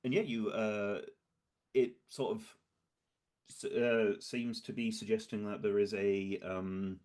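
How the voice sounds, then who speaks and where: A man's voice: fairly low pitch, flat delivery, takes it slowly, a little mellow. Hesitant man narrating as game master. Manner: hesitant, rambling with many fillers.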